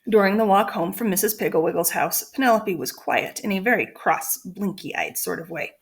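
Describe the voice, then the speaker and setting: A woman teacher reads a children's chapter book aloud to her class. Her voice sits at a middle pitch, and her reading is clear and expressive. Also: normal speed. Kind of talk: storybook read-aloud.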